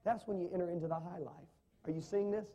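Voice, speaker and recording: Male pastor, sermon, slightly high mellow voice, dramatic emphasis, questions to the congregation. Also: steady tone, fast, dull audio.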